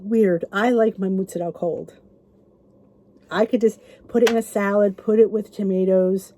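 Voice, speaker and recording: A woman's voice: mid-range voice, mellow. A middle-aged woman vlogger, talking to the camera in a chatty, rambling and encouraging way. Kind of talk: casual chat to camera.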